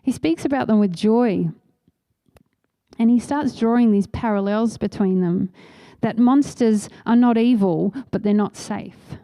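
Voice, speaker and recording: A woman's voice: mid-range voice, a little slow, mellow, dry recording. A woman preaching a sermon in a church, telling a story earnestly and acting out the voices she quotes.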